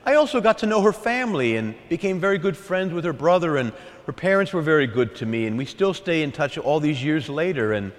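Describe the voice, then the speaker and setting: A man who is a priest, preaching a sermon with lively emphasis, repeating key phrases and asking his listeners to agree. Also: fairly high pitch, a little fast, long reverb tail.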